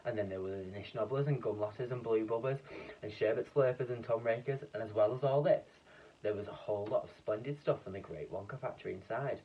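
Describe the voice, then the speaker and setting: A man reading a children's book aloud in a lively, expressive way, with a few slips and restarts. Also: on the low side, fast, slight background noise. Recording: dull, distant lo-fi recording.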